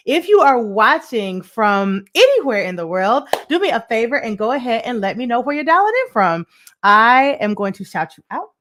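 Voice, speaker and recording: A woman hosting a live money show, chatting with viewers and greeting them by name, with plenty of laughter. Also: mid-range voice. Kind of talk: live-stream chat with viewers.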